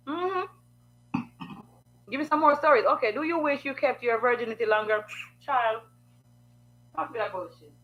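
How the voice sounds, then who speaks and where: A woman gives blunt life advice in a sassy, preachy way. Her voice sits high and sounds bright and sharp. She keeps firing rhetorical questions at her listeners. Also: highs cut off. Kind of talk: frank advice monologue.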